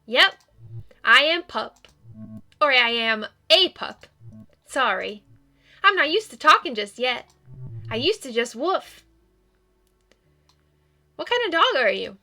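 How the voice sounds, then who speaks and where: A woman's voice: sits high, sing-song, slow, pauses often, bright, forceful tone, faint music behind, full character voice. A woman voicing a sweet, eager young male dog ghost in a video game, talking in a bubbly, childlike, apologetic way. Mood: cheerful. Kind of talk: video game character reading.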